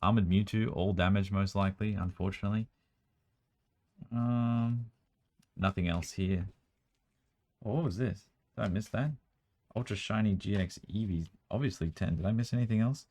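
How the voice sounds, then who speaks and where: Low-voiced man, worn-out voice, chatty. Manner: rapid, chatty, bursts of excited exclamations. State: strained, worn-out voice. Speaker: card collector vlogger. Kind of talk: casual running commentary while sorting cards. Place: room at home.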